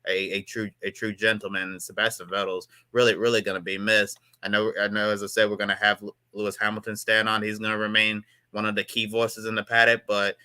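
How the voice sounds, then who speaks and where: A man's voice: lowish voice, flat delivery, a little fast, hardly any pauses, bright, forceful tone, smooth, no echo. A man on a motorsport panel speaking reflectively, stumbling over repeated words as he gathers his thoughts. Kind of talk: casual panel discussion.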